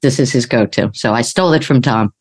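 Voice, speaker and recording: A woman's voice: rumbling low, quick pace, noisy background. A woman from New York co-hosting a podcast, chatting casually and telling stories. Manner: storytelling, self-correcting. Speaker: podcast co-host. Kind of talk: casual chat.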